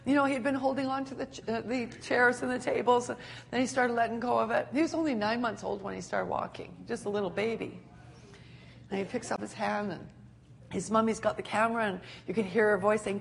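Older woman, preacher, high-pitched, animated sermon, frequent laughter. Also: unhurried, creaky, long pauses. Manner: animated, laughing often, acting out quotes.

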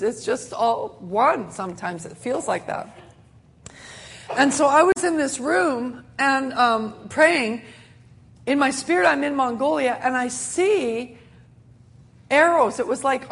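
A woman's voice: sits high, gravelly. A middle-aged woman preacher telling a sermon testimony in an earnest storytelling way, with many restarts.

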